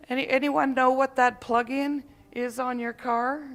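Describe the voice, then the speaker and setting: A woman instructor leading a live group through laughter yoga at a conference session, playful and quick to laugh as she chants and calls out to the group. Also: high-pitched, level tone, fairly bright tone.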